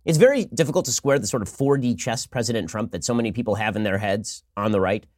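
A man delivering fast, sarcastic political commentary from a close studio mic, sometimes acting out mock phone calls. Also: lowish voice, animated, a little mellow, no echo. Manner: rapid-fire, sarcastic, acts out mock dialogues.

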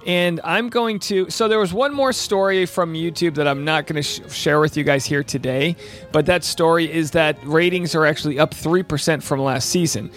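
Man, podcast host, casual joking talk, fillers, fairly high voice, soft background music. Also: normal speed. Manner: joking, chatty, many fillers. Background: faint Celtic music.

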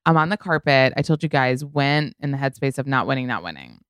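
Woman podcast host, low voice, smooth and clear, dry close sound, rambling casual storytelling, swears now and then. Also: animated, a little fast, a bit bright, no echo. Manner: chatty, lots of "like" and "you know", swears casually.

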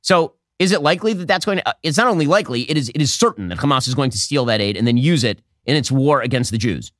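Rapid-fire sarcastic male commentator. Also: medium pitch, lively intonation, fairly bright tone, no echo, clean studio sound. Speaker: podcast host. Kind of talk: political commentary monologue.

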